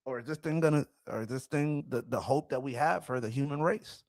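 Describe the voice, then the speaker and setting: A man in his thirties hosting a casual commentary vlog, talking in an excitable, rambling way with frequent restarts. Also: mid-range voice, fairly quick, dry recording. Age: 30s. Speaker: host.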